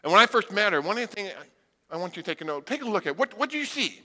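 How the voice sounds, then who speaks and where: Blind man preaching, high voice, very bright tone, humorous storyteller, reverberant hall. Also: very animated, rapid-fire. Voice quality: blind speaker. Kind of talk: sermon with storytelling.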